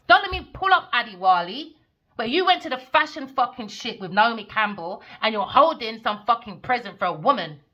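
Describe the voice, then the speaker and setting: A woman's voice: on the high side, pushed and bright, highs cut off. A woman giving a blunt, profane tarot reading, talking straight at her listeners. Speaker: tarot reader.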